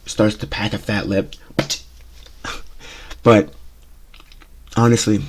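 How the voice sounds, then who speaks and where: A man with a slightly low voice hosts his own casual talk show and speaks his opinions bluntly. He circles back, repeats phrases and checks in with "okay?" and "you know?" as he goes. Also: animated, slow pace, gravelly, long pauses. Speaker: show host.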